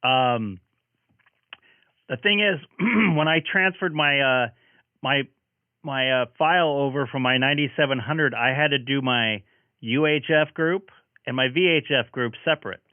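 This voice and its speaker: A man's voice: mid-range voice, unhurried, dry recording. A man hosting a ham radio chat, friendly and talkative, signing off with his call sign. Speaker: ham radio operator and stream host. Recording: tinny radio transmission.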